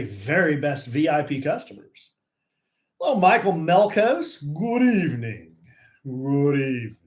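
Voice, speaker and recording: A middle-aged man co-hosting a live stream, greeting viewers by name and teasing his co-host in casual banter. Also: high-pitched. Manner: playful, teasing, lively banter.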